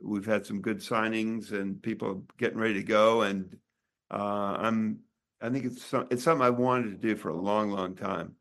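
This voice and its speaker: Older man, lowish voice, chatty and halting, a doctor telling stories about his book. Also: steady tone, vocal fry, a bit bright. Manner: rambling, halting, many restarts. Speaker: author and doctor. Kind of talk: casual interview chat.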